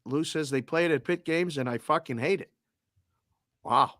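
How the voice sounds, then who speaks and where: A man's voice: fairly high pitch, moderate pace, fairly bright tone, no echo, clean studio sound. A man co-hosting a casual sports talk show, teasing his partner, laughing often and reading from the chat.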